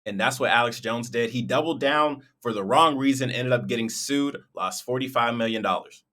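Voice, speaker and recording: A man's voice: medium pitch, moderate pace, pushed and bright. A man hosting a reaction video, talking casually and chatting directly to his viewers.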